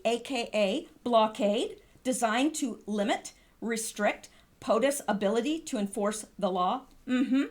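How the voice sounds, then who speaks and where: Sarcastic high-voiced woman commentator. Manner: sarcastic, talks back to absent figures with rhetorical questions; casual, many fillers and trailing asides. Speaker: political commentary vlogger. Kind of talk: reading and commenting on posts.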